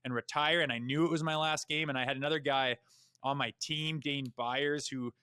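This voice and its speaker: A man's voice: medium pitch, normal speed, smooth, dry recording. A man talking as a podcast guest, a retired hockey player telling blunt, profane stories in casual chat. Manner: blunt and profane, with animated asides. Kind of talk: casual storytelling.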